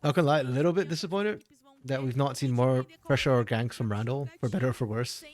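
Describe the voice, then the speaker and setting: A man's voice: mid-range voice, fast talker, a little mellow. A man co-streaming an esports match, talking in a chatty, laid-back way and answering chat. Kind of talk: casual live-stream commentary.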